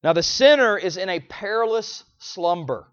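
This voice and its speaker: A man preaching a sermon, repeating phrases and swinging between loud pleading cries and low, quiet lines. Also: animated, moderate pace, no echo, muffled recording.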